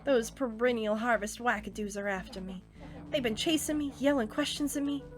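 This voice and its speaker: A woman's voice: on the high side, normal speed, natural voice. Woman playing a bitter cursed young monster. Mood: grumbling. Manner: sullen, resentful.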